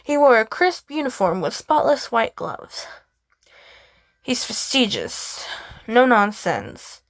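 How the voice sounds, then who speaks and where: A woman reading a first-person game story aloud, expressive, with casual asides. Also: on the high side, no room sound.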